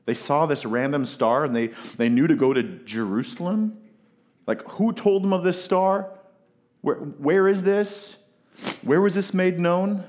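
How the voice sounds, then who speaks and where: A pastor preaches a sermon, retelling a scripture story in a casual, animated way and tossing asides to his listeners. His voice sits on the high side, and his pace is measured.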